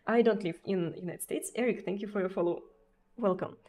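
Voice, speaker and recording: A woman from Russia with a Russian accent, chatting casually on a live stream. She speaks haltingly, with many pauses and restarts, and laughs often. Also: medium pitch, darkish tone, a little hiss or hum. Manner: laughs often between sentences.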